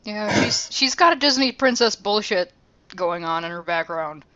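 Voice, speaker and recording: A woman's voice: mid-range voice, animated, normal speed, pushed and bright, lo-fi sound. A woman co-hosting a game let's play in casual chat, swearing freely and laughing often.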